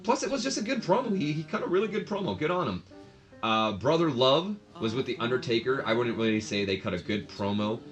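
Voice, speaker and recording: A man's voice: mid-range voice, sing-song, brisk, faint music behind. A man hosting a casual review channel, chatting and rambling with many fillers and the odd laugh. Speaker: wrestling review channel host.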